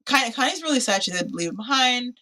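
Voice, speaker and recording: A woman's voice: on the high side, fairly quick. A woman co-hosting a podcast, chatting casually through a movie recap and acting out the characters' lines with lots of fillers. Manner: animated, acts out quotes with lots of "like" and laughs. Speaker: podcast co-host.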